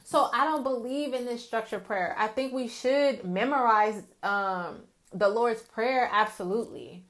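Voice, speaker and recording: A woman's voice: a little high, measured pace, few pauses, a bit bright. Earnest woman sharing her faith. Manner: earnest, confiding, addresses viewers as y'all. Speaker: Christian vlogger sharing testimony. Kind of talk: heartfelt casual faith talk.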